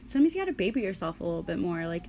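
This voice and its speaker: A young woman co-hosting a casual podcast, chatty and animated as she tells stories. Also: lowish voice, very fast, gravelly, slight background noise. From New York area. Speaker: podcast co-host. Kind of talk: casual chat.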